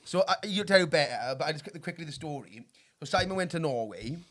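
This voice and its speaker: A man hosting a casual podcast chat, rushing through stories and swearing often. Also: on the high side, animated, a bit bright. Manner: fast, swearing, talks over others.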